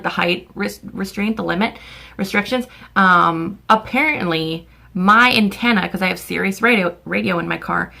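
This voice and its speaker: Exasperated young woman ranting with a gravelly edge. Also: mid-range voice, sharp tone. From Canada. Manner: exasperated ranting storyteller, swears freely. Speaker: vlogger. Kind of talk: casual storytime vlog.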